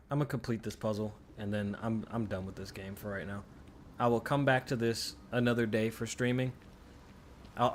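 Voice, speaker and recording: A man's voice: mid-range voice, slight background noise. A man streaming a video game, ranting in frustration with lots of swearing and restarted sentences. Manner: exasperated ranting, heavy swearing; repeats himself, trailing restarts. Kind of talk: live gameplay commentary.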